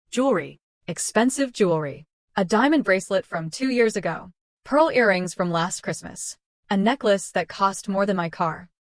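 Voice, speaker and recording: A woman narrating a first-person story in a steady, even reading voice at a middle pitch. The recording is dry and close, with no room sound at all. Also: dry recording.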